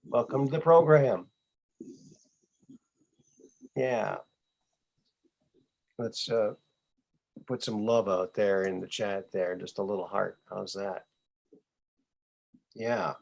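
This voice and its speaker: Relaxed host trading old one-liners. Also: male voice, lowish voice, slow, gravelly, long pauses, lo-fi sound. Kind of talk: casual chat.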